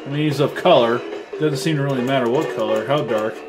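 A man giving casual gameplay commentary while reviewing a retro games console, excitable and swearing as he trash-talks the game. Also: medium pitch, brisk. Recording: loud game music behind the voice. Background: loud arcade game music.

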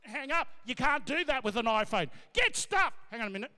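Brash comic, high bright voice. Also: male voice, smooth. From Australia. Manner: brash, loud, rapid riffing. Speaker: comedian and MC. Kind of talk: stand-up comedy. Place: large gala ballroom. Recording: echoey ballroom, long reverb.

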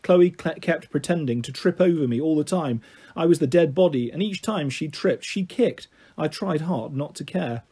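Man, storybook narrator, fairly high voice, husky, mellow, gentle steady reading. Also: moderate pace. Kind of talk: children's audiobook narration.

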